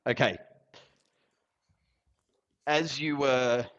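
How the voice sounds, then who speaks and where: A man narrates a tabletop role-playing session as its game master. His tone is bright and clear, and he rambles, pausing and restarting as he hunts for words. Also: mid-range voice, steady tone, dull audio. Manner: rambling, halting, with fillers and laughs.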